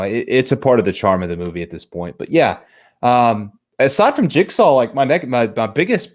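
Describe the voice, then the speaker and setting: Man, lower voice, casual movie review chat, excitable, swears, stumbles over restarts.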